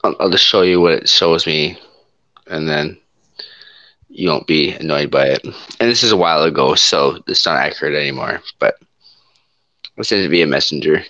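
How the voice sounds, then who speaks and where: Bright-voiced man on a dull line. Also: a bass voice, moderate pace, pauses often, no room sound. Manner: teasing, reads chat comments aloud. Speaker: co-host. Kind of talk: casual chat.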